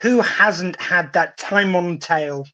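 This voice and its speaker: A male host asking relaxed, jokey questions in a casual interview chat. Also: sits high, slow, dull audio.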